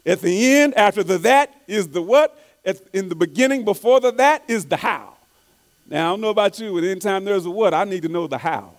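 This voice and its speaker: A man preaching a sermon, reading quotes slowly and repeating key phrases for emphasis, with frequent restarts. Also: high-pitched, animated. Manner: stumbles and restarts often.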